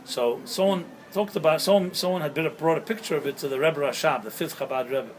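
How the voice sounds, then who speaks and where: Brief: male rabbi, sermon with anecdotes and rhetorical questions, a touch higher in pitch, faint background noise. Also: brisk, low-quality recording. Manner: storytelling with jokes and rhetorical questions. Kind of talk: sermon-style talk. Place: outdoors at sunset.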